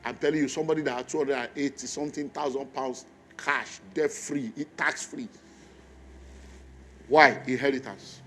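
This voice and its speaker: Preacher telling stories. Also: male voice, mid-range voice, steady tone, fairly quick, a bit bright, soft background music. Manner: storytelling, repeats key phrases for emphasis. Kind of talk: sermon.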